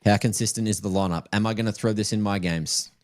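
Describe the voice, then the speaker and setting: Lower-voiced playful esports caster. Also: male voice, fairly even intonation, fast, a little hiss or hum. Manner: playful, teasing asides. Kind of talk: live esports play-by-play commentary.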